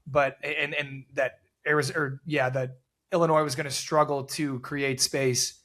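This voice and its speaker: A man co-hosting a sports podcast, chatting casually and telling animated stories with blunt, profane opinions. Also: fairly high pitch, normal speed. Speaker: podcast co-host.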